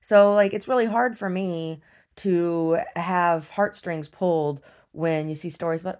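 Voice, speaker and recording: A woman's voice: on the low side, fairly even intonation, a little slow, darkish tone. A woman venting bluntly and profanely in a casual video diary recorded at home. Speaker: video diarist. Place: rural property at home.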